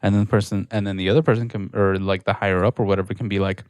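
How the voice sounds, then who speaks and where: A young man co-hosting a relaxed podcast, with a lowish voice. He swears a lot and keeps slipping into quick impressions of the people he talks about. The sound is dry and close to the mic. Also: clean tone, no echo. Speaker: podcast co-host. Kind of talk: casual chat.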